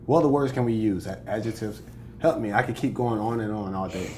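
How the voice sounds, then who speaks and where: A man's voice: fairly low pitch, a little fast, mellow, slight background noise. A young American man, a comedian, chatting casually in an interview, boastful and joking, laughing often. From United States. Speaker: comedian guest.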